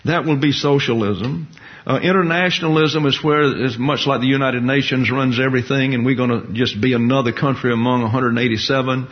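A man's voice: medium pitch, a little fast. A man preaching a sermon to his congregation in a church. He teaches in a folksy way, with jokey asides. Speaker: pastor-teacher. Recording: dull lo-fi sermon recording.

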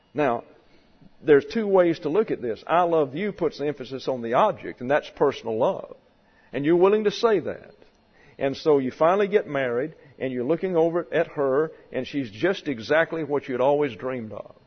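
Deliberate male preacher in a reverberant hall. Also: mid-range voice. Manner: slow, deliberate teaching with measured emphasis. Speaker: pastor. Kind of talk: sermon. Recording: dull lo-fi sound in a long-reverb hall.

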